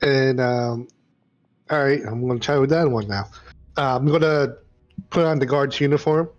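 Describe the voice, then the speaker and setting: A man's voice: mid-range voice, normal speed. A man playing a tabletop game, talking hesitantly with many uhs and stammers as he acts out his character. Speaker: player. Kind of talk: tabletop role-play. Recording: dull lo-fi stream with faint music.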